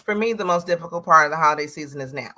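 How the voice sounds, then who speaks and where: Middle-aged woman guest, bright, candid and reflective, talk-show panelist telling a personal story. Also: sits low, very fast.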